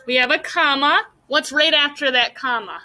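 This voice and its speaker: Bright high-voiced woman teacher. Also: moderate pace, low-quality recording. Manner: patient, guiding questions to students. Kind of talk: classroom mini lesson.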